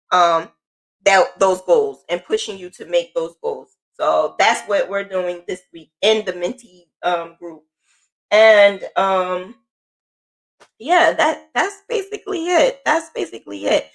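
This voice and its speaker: Woman, business mentor, casual motivational vlog, gravelly voice, earnest and repetitive. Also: medium pitch, a bit bright. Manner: earnest, encouraging, repeats phrases for emphasis. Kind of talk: casual motivational talk to camera.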